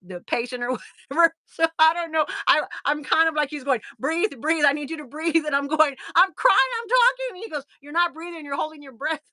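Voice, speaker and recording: A middle-aged American woman hosting a livestream, telling a story in a casual, animated way, laughing often and acting out what people said. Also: sits high, dry recording. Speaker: livestream host.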